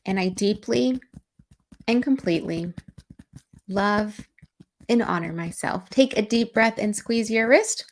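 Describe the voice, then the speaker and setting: A woman's voice: mid-range voice, unhurried, long pauses. Soothing woman guiding tapping meditation. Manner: soothing, encouraging, affirming. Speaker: EFT tapping coach and meditation guide. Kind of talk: live-stream guided tapping and meditation.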